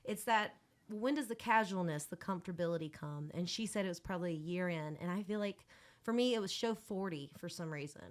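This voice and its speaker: A woman's voice: fairly low pitch, fast talker. Chatty woman telling stories. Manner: chatty storyteller, talks with her hands. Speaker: guest musician. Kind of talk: casual podcast chat.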